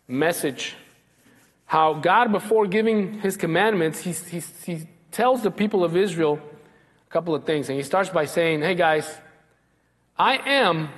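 Male pastor, sermon, slightly high voice, long reverb. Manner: slows down and drops low when quoting God.

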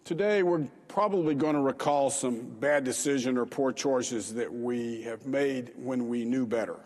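A male pastor preaches in a relaxed, conversational way, stopping for small fillers as he goes. His voice is husky and mid-pitched, with a long reverb hanging in the church hall. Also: a little slow. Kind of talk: sermon.

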